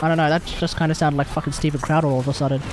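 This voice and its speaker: A woman's voice: low-pitched, fairly even intonation, racing, noisy background. A young woman livestreaming, teasing and joking with a friend in casual chat and swearing freely.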